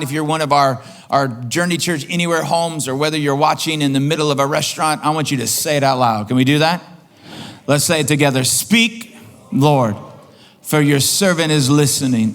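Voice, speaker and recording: A man preaching a sermon as pastor, impassioned, repeating phrases and climbing in pitch for emphasis. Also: a bit bright. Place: church auditorium.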